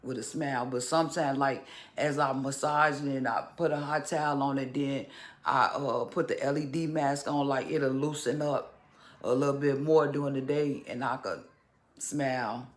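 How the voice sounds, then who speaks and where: A man talking casually to camera in a vlog, halting and restarting, with occasional stutters. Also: medium pitch, fairly even intonation. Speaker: vlogger.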